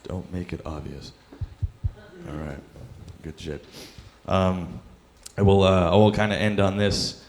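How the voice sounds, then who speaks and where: A man's voice: low voice, unhurried, long pauses, slight background noise. Rambling young man doing stand-up. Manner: rambling, self-deprecating, with many fillers. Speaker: stand-up comic. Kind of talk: stand-up comedy set. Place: comedy club stage.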